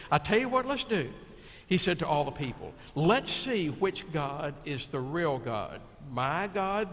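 A man, a pastor, telling a Bible story to children gathered at the front of a church, animated and lively, loudly acting out the crowd's cries. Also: a little high, in a large hall, highs cut off, a little hiss or hum. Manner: animated, shouts quoted cries. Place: church sanctuary.

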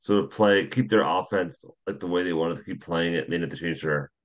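A man co-hosting a sports podcast who breaks down the game in a measured, analytical way. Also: low voice, lo-fi sound. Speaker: podcast co-host.

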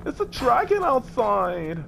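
A man's voice: extremely high pitch, huge pitch swings, slow pace, vocal fry, a bit bright. A man doing a rowdy, profane, over-the-top let's play commentary. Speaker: gamer.

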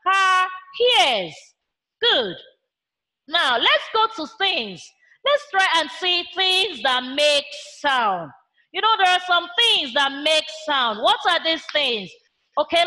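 A woman's voice: extremely high pitch, bright, forceful tone. A woman with a Nigerian English accent teaching a primary school science lesson online, using call-and-response questions and imitating animal sounds for the children.

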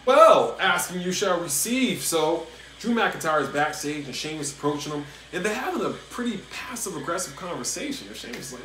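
Animated male wrestling reviewer, roomy sound. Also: a little high, fairly quick. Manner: animated, rants and repeats himself when worked up. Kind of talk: casual solo review commentary. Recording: echoey room with faint noise.

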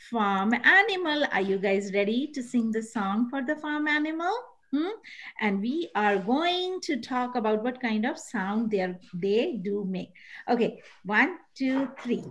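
A woman's voice: on the high side, animated, measured pace, a bit bright, poor audio. A woman teaching an online preschool lesson, coaxing the children and making animal sounds.

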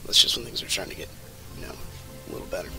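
A man in his thirties giving casual, rambling and jokey commentary while playing a game, with sudden excited outbursts. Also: rapid-fire, over music. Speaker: let's play commentator.

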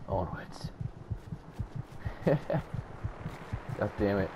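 A man gives let's play commentary in a low, unhurried voice, swearing freely and getting excitable. Gunfire and game noise run clearly behind him. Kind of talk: gameplay commentary.

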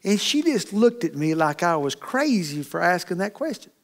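High-voiced pastor preaching. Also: male voice, big pitch swings, moderate pace. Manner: folksy, with frequent "okay?" and "amen?" asides to the congregation. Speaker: associate pastor. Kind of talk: sermon.

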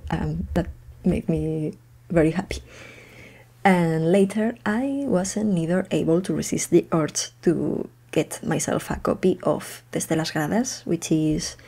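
Woman rambling slow on her podcast, laughs a lot, kinda low voice. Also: vocal fry, a little mellow, slightly rough. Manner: chatty, hesitant, laughs often. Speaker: podcast host. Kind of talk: casual unedited monologue. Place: home room.

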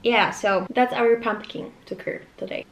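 A woman's voice: a little high, steady tone, a little slow, vocal fry. A woman in her twenties vlogging casually at home, rambling with nervous, self-mocking asides. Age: 20s. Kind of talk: casual chatty vlog. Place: room at home. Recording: echoey room, faint noise.

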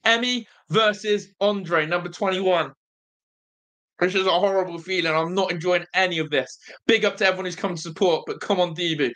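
A fan channel host, excitedly calling a live football watch-along, overwhelmed and breathless, chatting with viewers in the live chat. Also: mid-range voice, normal speed. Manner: excitable, shouting in celebration.

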